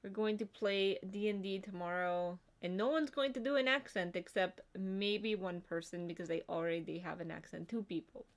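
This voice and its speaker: A woman's voice: medium pitch, fairly even intonation, moderate pace, hardly any pauses. A woman co-hosting a casual livestream chat, rambling and chatty with lots of filler words. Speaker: livestream co-host.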